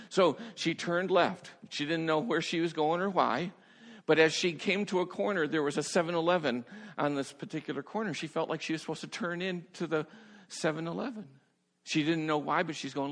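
A man preaching a sermon as a pastor, telling stories in an animated way, laughing often and stumbling over his first words. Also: a little high, normal speed. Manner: animated storyteller, laughs often, repeats words when starting sentences. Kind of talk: sermon storytelling. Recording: long hall reverb.

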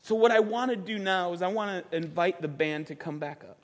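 Male pastor, high-pitched, unhurried and emphatic, repeats for stress; long hall reverb. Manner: emphatic, repeats words for stress, rises to near-shouts. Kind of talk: sermon. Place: church sanctuary with a band.

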